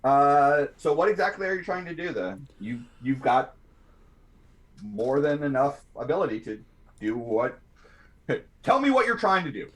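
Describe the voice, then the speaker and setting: This game master of a tabletop game has a fairly high, fairly bright voice and sounds very animated while keeping a measured pace. Still, his narration is hesitant, with many fillers and restarts.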